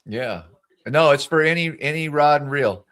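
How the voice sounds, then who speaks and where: A man's voice: fairly high pitch, moderate pace, fairly bright tone, clear, resonant tone. A man hosting a live fishing stream, chatting casually and joking about himself with his co-hosts. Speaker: host.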